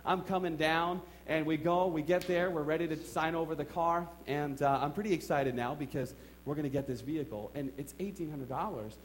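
Man, middle-aged, preacher, emphatic storytelling sermon, church, higher voice. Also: brisk, slight background noise. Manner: storytelling, emphatic, swings from quiet asides to excited outbursts. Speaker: pastor.

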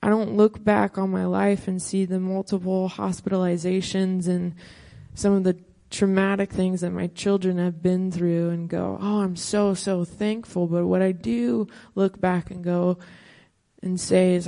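A woman's voice: lowish voice, little pitch movement, a little slow, gravelly, mellow. A woman pastor in her thirties telling a personal testimony, earnest and storytelling, quoting her own prayers.

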